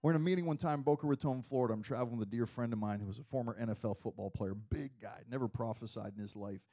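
A man preaching a sermon in a conversational, storytelling way, dropping to a hush and then rising to loud emphasis. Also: medium pitch, rapid-fire.

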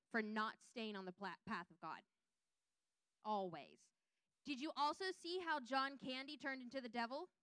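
In a smooth, somewhat high voice on a dry recording, a woman teaches a Bible lesson. She reads scripture aloud, gives the quotes lively voices, and checks in with her listeners.

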